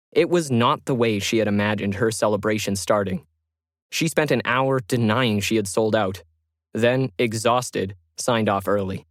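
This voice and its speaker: A man's voice: fairly low pitch, dry recording. Man reading a story, dry sound. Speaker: narrator. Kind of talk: scripted narration.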